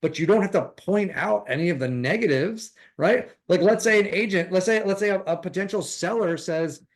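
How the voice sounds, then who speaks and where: A man's voice: high voice, moderate pace. A man teaching a class on recruiting real estate agents, talking casually and acting out little conversations as he goes. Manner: animated, acts out dialogue with changing voices. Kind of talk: casual coaching talk.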